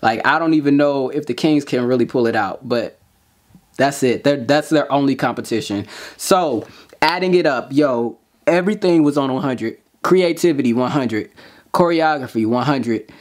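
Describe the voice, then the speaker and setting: A man's voice: mid-range voice, moderate pace. Give me a guy talking on a reaction video, breathless and slangy, stumbling over his restarts. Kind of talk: excited reaction commentary.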